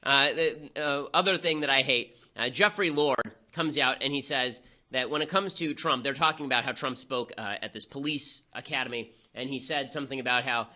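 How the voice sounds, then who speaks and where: A man hosting a show, delivering a rapid-fire, sarcastic political commentary monologue with quick asides. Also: mid-range voice, sharp tone. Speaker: host.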